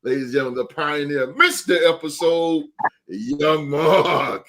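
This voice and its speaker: Booming male podcast host. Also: a little slow, crowd noise. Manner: booming announcer-style intros. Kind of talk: hype-man introductions and sponsor reads.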